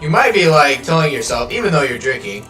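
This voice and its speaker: A man's voice: fairly high pitch, sing-song, a little fast, sharp tone, echoey room, distant mic. A man live-streaming a game, chatting casually and rambling, swearing freely as he plays. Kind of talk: casual live gameplay chat. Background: game music.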